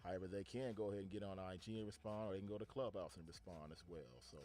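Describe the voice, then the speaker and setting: A man hosting an online radio talk show, relaxed and chatty, often repeating words as he thinks. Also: low-pitched, fast. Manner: laid-back, repeats words while thinking. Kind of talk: casual talk show chat.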